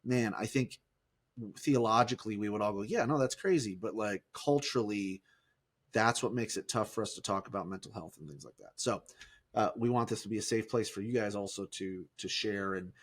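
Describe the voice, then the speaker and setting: A man's voice: on the low side, brisk. A man with a Midwestern American accent co-hosting a faith podcast, chatty and self-deprecating, full of fillers like "you know" and "like". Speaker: podcast co-host. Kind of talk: casual podcast chat.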